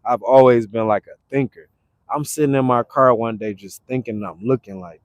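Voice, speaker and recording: A man from Detroit talking casually on a livestream, animated and repetitive, breaking into loud acted retorts. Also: medium pitch, brisk, no echo. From Detroit, Michigan. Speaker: livestream host. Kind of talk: casual motivational livestream talk. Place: now staying in Arizona.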